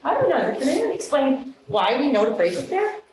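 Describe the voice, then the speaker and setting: A woman teacher leading a classroom phonics demonstration with brisk quizzing questions and quick praise. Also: sits high, sing-song, a little mellow, slight background noise. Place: meeting room. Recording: echoey room.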